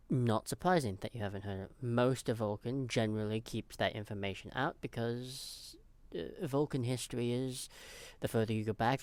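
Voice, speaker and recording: A man voicing a calm, measured male Vulcan officer in a tabletop role-play, explaining matter-of-factly. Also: mid-range voice, clear, resonant tone, no echo, close to an everyday voice.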